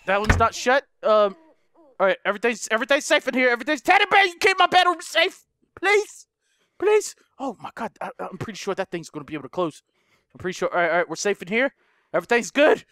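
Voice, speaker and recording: A man doing let's play commentary, excitable, narrating his moves and shrieking and swearing at scares. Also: extremely high pitch, smooth, dry recording, studio quality. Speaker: gaming YouTuber.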